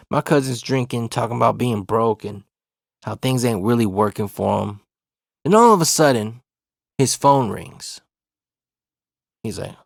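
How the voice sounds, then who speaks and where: A man casually telling a funny, profane story from his past, laid-back and animated, laughing along. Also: medium pitch, gravelly, no room sound, studio quality. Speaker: comedic storyteller.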